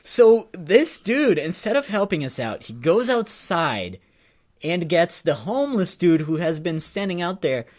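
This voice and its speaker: A man's voice: very animated, a little slow. Casual swearing man telling a story. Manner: swears freely, acts out quotes in a higher voice. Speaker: podcast co-host.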